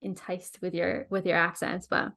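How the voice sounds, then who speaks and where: A woman's voice: lowish voice, little pitch movement, moderate pace, fairly bright tone. A woman hosting a podcast, chatting enthusiastically and casually with her guest. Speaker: podcast host.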